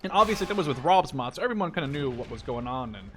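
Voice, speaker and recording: This man, a YouTuber in his twenties originally from the Netherlands, offers loose, rambling commentary over a war game and curses now and then. He talks quickly with a mid-range, fairly bright, very animated voice, over faint music plus faint game noise and artillery.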